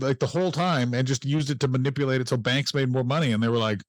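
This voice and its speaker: A man's voice: mid-range voice, quick pace, few pauses, dry recording. A man co-hosting a casual comedy podcast, riffing sarcastically and swearing freely. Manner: profane, sarcastic riffing with mock-quoted voices. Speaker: podcast co-host.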